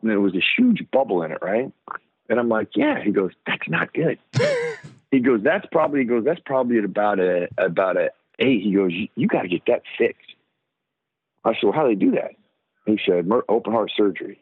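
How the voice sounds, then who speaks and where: A middle-aged man with a fairly low voice tells a long personal story as an interview guest. He brings the story alive by acting out other people's lines. He comes through a dry, thin phone line. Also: a little fast, dry recording. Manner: animated storyteller who acts out the lines of others. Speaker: guest, former football player.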